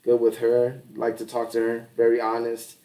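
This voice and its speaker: A man's voice: mid-range voice, monotone, normal speed, warm tone, a little hiss or hum. A man co-hosting a podcast in casual chat, rambling and swearing, often laughing. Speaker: podcast co-host. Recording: distant mic.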